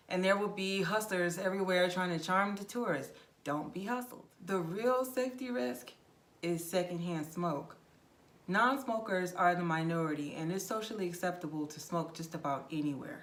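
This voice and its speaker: A woman's voice: lowish voice, moderate pace. A woman vlogger giving frank, direct travel advice in a casual monologue. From United States. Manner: frank, direct, animated with acted-out anecdotes.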